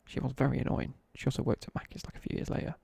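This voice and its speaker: Gravelly young man with a Midlands accent. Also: medium pitch, completely flat delivery, racing, dark tone. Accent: English Midlands. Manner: rambling slangy storytelling, chatting to viewers. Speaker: live streamer. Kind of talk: casual chat while gaming.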